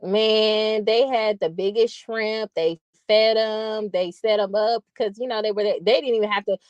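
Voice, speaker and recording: A woman's voice: medium pitch, fairly even intonation, measured pace, no room sound, dull audio. Profane, chatty woman vlogger. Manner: profane, loose and colloquial; chatty, laughing asides. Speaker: vlog host. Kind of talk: casual storytelling monologue.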